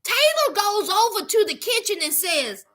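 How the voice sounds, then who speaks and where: A woman's voice: very high voice, sing-song, normal speed, background noise. A woman hosting a comedic reality show recap, sassy and chatty, talking straight to her viewers.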